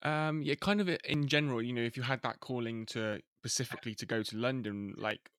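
A man's voice: mid-range voice, fairly quick, a bit bright, clear, resonant tone, no room sound, clean studio sound. A man hosting an interview, asking questions hesitantly with lots of fillers. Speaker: interviewer, host.

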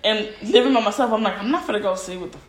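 A woman's voice: mid-range voice, rapid-fire, reverberant, a crowd in the background. A woman in her twenties co-hosting a podcast, rambling through a story in casual slang and giggling often. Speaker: podcast co-host. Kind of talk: casual chat.

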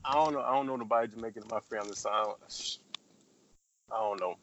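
A man's voice: on the low side, fast talker, fairly bright tone, a little hiss or hum. A man chatting casually about an old film. He rambles, swears, and acts out scenes in different voices. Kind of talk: casual film-review chat. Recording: dull lo-fi recording.

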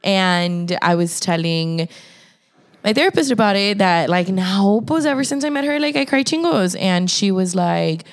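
A woman's voice: medium pitch, lively intonation, normal speed. A young woman in casual podcast chat, talking loosely with lots of "like" and a few Spanish words mixed in. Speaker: podcast co-host.

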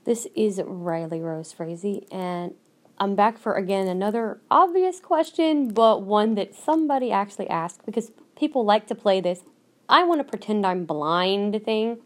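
Woman host of a solo podcast. Blunt and emphatic, repeats herself, mid-pitched voice. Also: lively intonation, normal speed. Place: lives in Minnesota.

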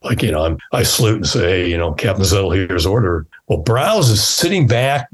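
A man in his sixties tells old flying stories in a loose, conversational way. His voice is low and a bit husky. He jumps into the voices of the people in his tales. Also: a little fast. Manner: animated storyteller who acts out quoted dialogue. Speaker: guest, former fighter pilot. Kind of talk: casual storytelling interview.

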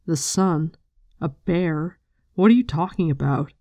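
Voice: medium pitch, no room sound, studio quality, close to an everyday voice. A reader doing Perrin, a stubborn, earnest young man. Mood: puzzled. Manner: slow, steady and patient.

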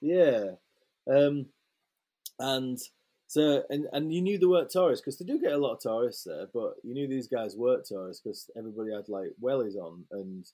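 A young adult man, telling a story in casual conversation as an interview guest, lively and swearing freely, with many fillers and restarts. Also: mid-range voice, moderate pace.

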